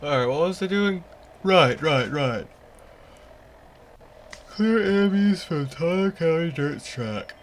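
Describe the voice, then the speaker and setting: A man's voice: a little high, expressive, takes it slowly, long pauses, slight background noise. Sleepy, exasperated young male streamer. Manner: rambling, easily exasperated, complains while yawning. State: sleepy, yawning. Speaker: game streamer. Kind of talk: casual live-stream commentary.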